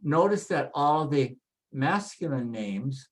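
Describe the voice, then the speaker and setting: Slow, patient pronunciation teacher. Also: medium pitch, expressive. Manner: slow, patient, repeats each name several times; spells out vowels one by one. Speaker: Spanish pronunciation instructor. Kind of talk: spoken pronunciation lesson.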